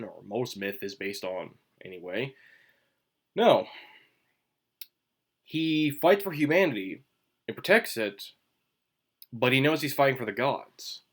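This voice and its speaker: A man hosting a casual solo commentary video, rambling and chewing gum as he talks, with sudden emphatic bursts. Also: mid-range voice. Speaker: manga commentary video host.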